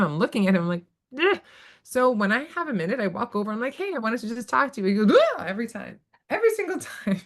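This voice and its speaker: A woman speaking as a panelist on a webinar, emphatic and lively, acting out little quoted exchanges as she explains. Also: mid-range voice. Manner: emphatic, acts out quoted voices. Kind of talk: animated webinar talk. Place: video call.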